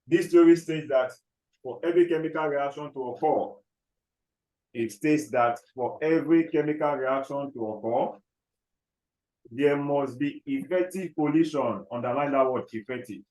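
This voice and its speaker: A man's voice: mid-range voice, a little mellow, roomy sound, low-quality recording. A man teaching chemistry in a classroom, dictating notes and often checking whether the class follows. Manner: repeats key phrases slowly, checks understanding often.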